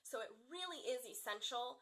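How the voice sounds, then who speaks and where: Bright-voiced young mom vlogger. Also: female voice, on the high side, moderate pace. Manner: chatty, animated, warm storytelling with fillers. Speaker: parenting vlogger. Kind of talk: casual storytelling to camera.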